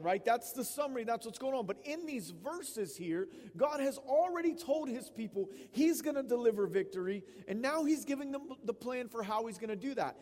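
A man in his thirties preaching an expository sermon in a conversational, emphatic way, often tossing in quick "right?" asides. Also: very high voice, animated, darkish tone. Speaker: pastor. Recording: long reverb of a large hall.

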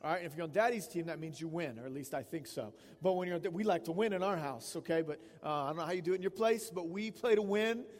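A man in his thirties preaching an expository sermon in a conversational, emphatic way, often tossing in quick "right?" asides. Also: fairly high pitch, a little mellow. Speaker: pastor. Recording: long reverb of a large hall.

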